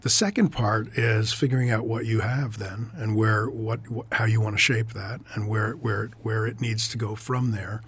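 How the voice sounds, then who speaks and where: A man's voice: fairly low pitch, steady tone, normal speed, hardly any pauses, fairly bright tone, a little hiss or hum. A man answering interview questions thoughtfully, with frequent fillers and restarts. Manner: hesitant, many fillers and restarts. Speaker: author and editor, interview guest.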